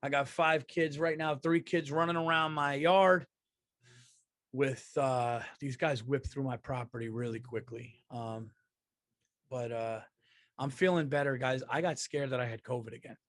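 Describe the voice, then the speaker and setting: A man's voice: mid-range voice, steady tone, measured pace, fairly bright tone, no echo, clean studio sound. A man in his thirties, a comedian hosting a casual solo podcast, rambling and profane, stuffy from allergies. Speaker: podcast host and stand-up comedian.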